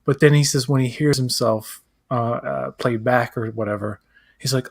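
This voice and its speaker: A man's voice: medium pitch, moderate pace, gravelly. A man co-hosting a live pop-culture chat, rambling, acting out quotes and searching aloud for names. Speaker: co-host. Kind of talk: casual chat.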